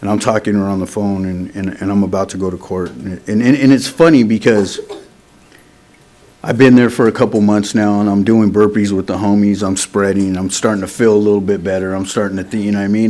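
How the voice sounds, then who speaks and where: A man's voice: lowish voice, level tone, a little fast, mellow. A man speaking at a recovery meeting, telling his own story in a candid, street-casual way. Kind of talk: personal recovery testimony.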